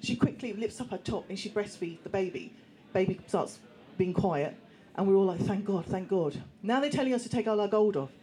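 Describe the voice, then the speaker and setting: A woman telling a personal story to a live audience, lively and acting out voices of other people. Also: medium pitch, brisk, breathy edge. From England. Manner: animated, acts out voices, laughs through the telling. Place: small venue room with an audience.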